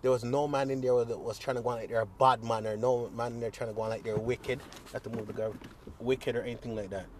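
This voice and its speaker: A man's voice: medium pitch, steady tone, quick pace, a little hiss or hum. Rambling, profane young male podcaster. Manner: rambling, profane, full of fillers and restarts. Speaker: podcast host. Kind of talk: casual solo podcast monologue.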